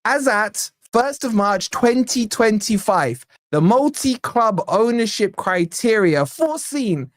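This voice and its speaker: A man's voice: high voice, very animated, takes it slowly, hardly any pauses, no echo, full character voice. A man putting on a pompous, posh official voice to read out a formal statement. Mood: mock-formal. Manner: formal, over-enunciated reading.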